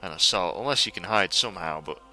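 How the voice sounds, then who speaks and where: Young man, let's play commentary, animated voice, bright, swears a lot, game music behind. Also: deep voice, quick pace. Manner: excitable, swearing, talks to viewers. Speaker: gamer playing a stealth game.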